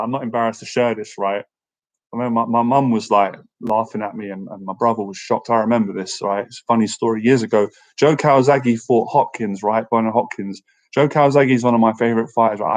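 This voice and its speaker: A man chats through a casual live-stream Q&A, upbeat and friendly. He laughs easily and keeps tossing in "right?" as he talks. His voice sits at an everyday middle pitch. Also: low-quality recording. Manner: chatty and upbeat, often asks "right?"; laughs easily, animated when telling stories. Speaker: social skills coach and YouTuber.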